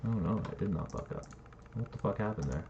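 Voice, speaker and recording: A man with a fairly low, brisk voice rambles casually while he builds a game map, thinking out loud and cursing now and then. It's laid-back screen-recording commentary, captured on a dull lo-fi mic with faint noise and the sound of typing.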